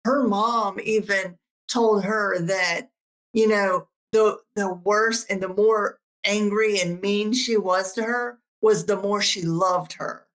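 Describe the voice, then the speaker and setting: Woman podcast host, slow and easygoing delivery. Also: medium pitch, fairly even intonation. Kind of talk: casual interview chat.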